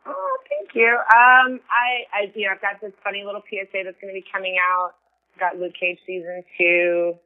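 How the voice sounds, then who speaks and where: A woman's voice: medium pitch, expressive, moderate pace. Woman guest, rambling and heartfelt, heard over a thin phone line. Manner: earnest, effusive, rambling. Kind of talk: casual chat.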